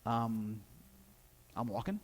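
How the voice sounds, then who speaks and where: A man's voice: lowish voice, lively intonation, slow, voice pushed down. A man voicing a meek, bewildered healed man who answers in a sheepish, mumbling way.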